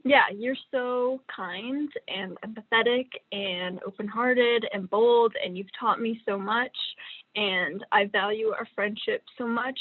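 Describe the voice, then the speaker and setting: A teenage girl giving a fast, emotional tribute to a friend, holding back tears on a video call. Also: a little high. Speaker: student. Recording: tinny video call audio.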